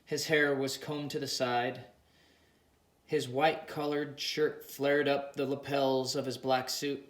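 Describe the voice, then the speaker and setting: A man narrating an audiobook in a plain, unhurried reading voice. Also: mid-range voice, flat delivery, roomy sound.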